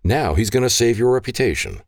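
A man's voice: mid-range voice, huge pitch swings, a little fast, dry recording, clean studio sound, pitched above the performer's own voice. A man voicing a furious, protective father who speaks in a stern, commanding growl.

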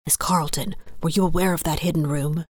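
A woman's voice: low-pitched, steady tone, fairly quick, slightly rough, no room sound, clean studio sound. A woman reading aloud, voicing a terse, commanding male frontier sheriff in a western story. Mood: urgent. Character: stern frontier sheriff, a man.

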